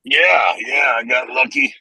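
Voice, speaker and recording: An older man chatting casually as a podcast guest, relaxed and plain-spoken. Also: medium pitch, unhurried, vocal fry, slightly rough, no echo, raised voice, poor audio. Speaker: guest fighter. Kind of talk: casual chat.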